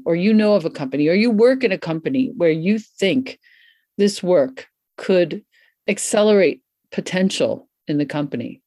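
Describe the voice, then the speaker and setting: Woman, podcast host, effusive, riffing, dry close sound, lowish voice. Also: no echo. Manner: effusive, excitable, riffs casually. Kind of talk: warm podcast interview intro. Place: Santa Fe, US.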